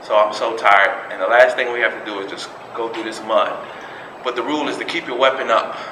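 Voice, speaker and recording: A man, giving a personal storytelling speech in an animated way. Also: medium pitch, brisk. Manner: animated storytelling, acts out quotes. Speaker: public speaking club member. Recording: echoey room with background noise.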